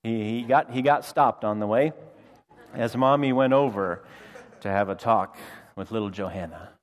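A middle-aged man preaching a sermon, telling a family story with lively quoted voices. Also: on the low side, normal speed. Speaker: pastor.

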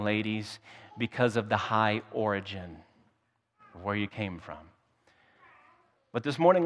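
Storytelling pastor preaching in a reverberant hall. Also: male voice, fairly low pitch. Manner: storytelling and humorous, often repeats words. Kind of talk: sermon.

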